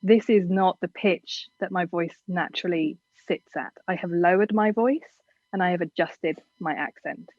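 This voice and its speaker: This interview guest is a woman from England whose generic southern English accent carries a lowish voice at a moderate pace. Her advice is frank, chatty and self-deprecating, and the muffled recording has no echo.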